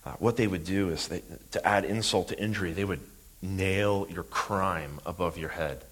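A man preaching a sermon, impassioned and repeating phrases for emphasis, rising from quiet to loud. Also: low voice, normal speed, breathy edge. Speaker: pastor.

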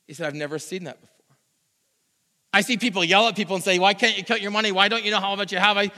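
A man preaching a sermon, telling a personal story with animated delivery and mimicking other people. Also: on the high side. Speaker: pastor. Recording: long hall reverb.

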